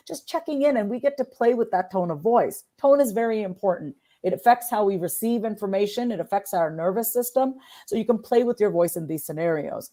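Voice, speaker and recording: Expressive woman guest, shifting tones. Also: mid-range voice, fairly quick, few pauses. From Long Island, New York. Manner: expressive, acts out sample voices in different tones. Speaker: author and guest. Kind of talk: casual interview chat.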